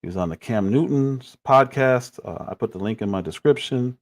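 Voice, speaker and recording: A man's voice: medium pitch, expressive, moderate pace. A man in his forties giving critical, exasperated commentary on clips during a livestream.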